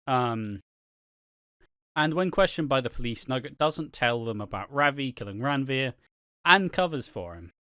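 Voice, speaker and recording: A man's voice: medium pitch, animated, normal speed, bright, forceful tone, clean tone, dry recording, studio quality. A man hosting a casual review podcast, rambling with many fillers and the odd swear word. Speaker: podcast host reviewing a soap opera. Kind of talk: casual chat.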